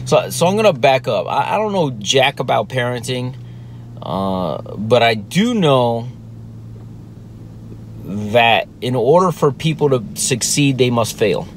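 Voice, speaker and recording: Man telling a family story over faint rumble. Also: very animated, unhurried. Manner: conversational, with frequent restarts and reported dialogue. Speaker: father telling a parenting story. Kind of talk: casual storytelling monologue.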